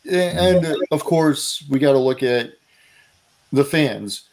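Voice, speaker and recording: A man's voice: medium pitch, takes it slowly, creaky, darkish tone. Opinionated podcast guy changing topics. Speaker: podcast co-host. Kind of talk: casual chat.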